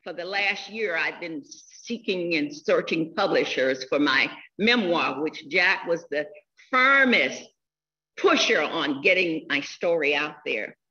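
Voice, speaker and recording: A woman in her sixties giving a funeral eulogy, telling stories in a slow, heartfelt way. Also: sits low, expressive, sharp tone, highs cut off. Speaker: eulogy speaker.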